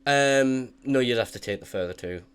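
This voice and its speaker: A young man narrating as dungeon master, relaxed and hesitant, with many filler pauses. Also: medium pitch, smooth. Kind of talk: narrating a tabletop game.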